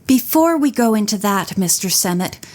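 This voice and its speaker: A woman's voice: mid-range voice, animated, moderate pace, lightly acted. A woman voicing a self-possessed young woman detective who speaks firmly and decisively. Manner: firm, decisive.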